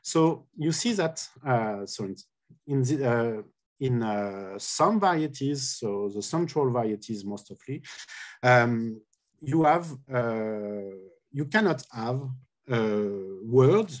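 A man giving a conference lecture on linguistics over a video call. He speaks slowly and haltingly, filling the gaps with "uh" as he walks through each example, at a middle pitch. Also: expressive. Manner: halting, many filler "uh"s, careful explanation. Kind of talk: academic conference talk.

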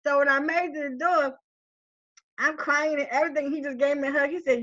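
A woman with a high, bright voice tells a personal story, full of laughter and voiced-out conversations. The sound is a bit muffled and lo-fi. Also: a little fast. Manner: animated, laughing often, acting out quoted voices.

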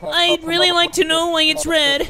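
A man's voice: extremely high pitch, flat delivery, normal speed, vocal fry, crowd noise, voice pushed up. A man putting on a whiny, timid voice for his nervous player character in a horror game.

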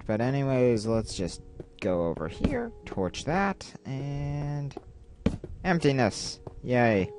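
A man giving casual, playful gameplay commentary, rambling and talking to himself as he plays. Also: on the low side. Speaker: let's play gamer. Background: loud game music.

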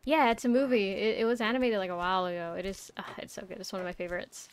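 A woman's voice: medium pitch, fairly even intonation, fast talker, few pauses, a little hiss or hum. A young woman streaming a game, chatting casually, rambling and swearing with lots of fillers. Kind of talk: casual live-stream chat.

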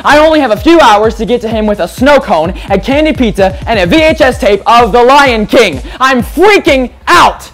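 A woman's voice: a little high, lively intonation, moderate pace, hardly any pauses, faint music behind. A woman playing a frantic adventurer host in a children's church skit, speaking in an exclamatory way.

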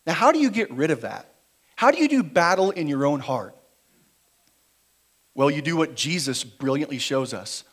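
A man preaching a sermon in a church, moving between quiet, slow emphasis and louder, driven passages. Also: fairly high pitch, very animated. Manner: dynamic preaching, shifting between quiet emphasis and raised intensity. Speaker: pastor. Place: church sanctuary.

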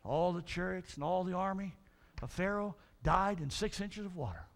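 A middle-aged male pastor preaching a sermon, telling Bible stories in an animated way, acting out the figures and building to shouts. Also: high-pitched, normal speed.

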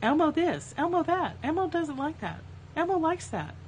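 Woman playing a squeaky puppet monster, childlike, very high, sing-song, third-person talk. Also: sing-song, moderate pace, a little hiss or hum. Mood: playful. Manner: speaks of himself in the third person.

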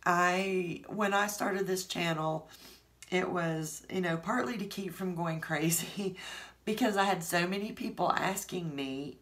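A woman, teary and halting, thanking her viewers from the heart. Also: on the low side, a bit bright. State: teary, voice shaking with emotion. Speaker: art channel host.

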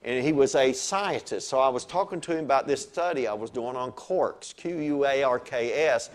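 A male pastor preaching a lively sermon, telling stories and swinging between soft asides and loud exclamations. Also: mid-range voice, normal speed.

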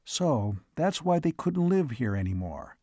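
A man reading as a troubled male scientist in a storybook reading, speaking earnestly with unease underneath. The voice sits at an ordinary middle pitch and sounds close and dry, with no room around it. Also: big pitch swings, unhurried, dark tone, no echo. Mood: hopeless. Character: adult male scientist, worried and doubtful.

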